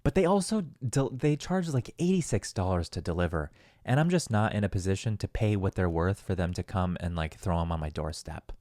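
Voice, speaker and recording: A man's voice: low-pitched, lively intonation, brisk, darkish tone, no echo, studio quality. A man hosting a solo podcast, talking in a loose, rambling, profane and self-deprecating way. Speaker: podcast host. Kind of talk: casual solo podcast monologue.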